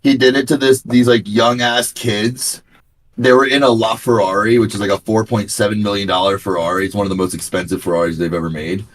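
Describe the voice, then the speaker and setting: A man's voice: lowish voice, fairly quick. Slangy young man telling stories. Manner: rambling, slangy, animated storytelling. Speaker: day trader streaming live. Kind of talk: casual chat.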